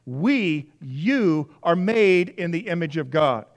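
A pastor preaching a sermon in a church, talking to the congregation in a conversational way, repeating key phrases and acting out little scenes. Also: male voice, a little high, animated, slow pace. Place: church sanctuary.

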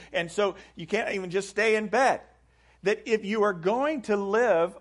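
A man preaching a sermon, reading aloud from a book and stressing phrases with rising emphasis. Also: on the high side. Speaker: pastor. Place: church sanctuary.

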